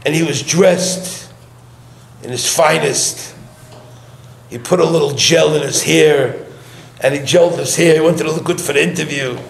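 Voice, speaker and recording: A man's voice: on the high side, normal speed, gravelly, long pauses. A middle-aged man, a rabbi, telling a story in a sermon and acting out its dialogue with animation. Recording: echoey room, faint background hum.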